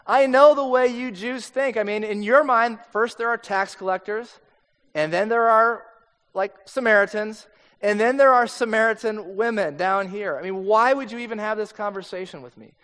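A wary, startled woman at a well, played by a male preacher in his own voice. She fires off question after question in disbelief. The voice sits high, with a long hall reverb behind it. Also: moderate pace, a bit bright. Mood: incredulous. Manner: incredulous questioning.

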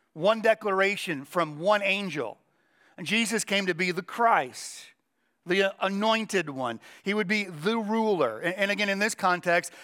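A middle-aged male pastor preaching a sermon with a strained, cracking voice, emphatic and slowing down to stress key lines. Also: sits high, a bit bright. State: voice cracking, throat clearing.

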